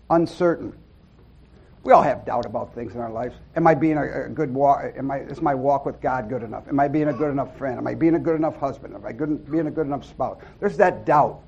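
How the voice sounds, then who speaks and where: A middle-aged man giving an informal sermon to a small church group, earnest and folksy, with loud whoops and amens. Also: mid-range voice, gravelly, breathy edge, muffled recording. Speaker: lay preacher.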